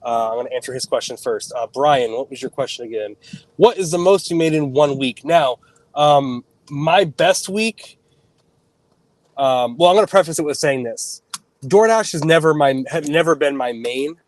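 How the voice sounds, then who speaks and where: A man working as a delivery driver talks casually on a livestream while out on runs. His voice sits a bit higher than most men's, and he speaks in a halting way with frequent restarts. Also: animated, no room sound.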